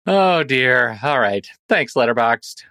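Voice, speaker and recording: A man co-hosting a casual film review podcast, animated and laughing often. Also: mid-range voice, slow, dry recording, clean studio sound. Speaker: podcast co-host.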